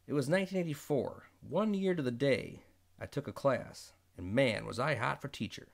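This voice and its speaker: A man telling a comic first-person story, jokey and fast-shifting between voices. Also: medium pitch, creaky. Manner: jokey storytelling with quick voice switches.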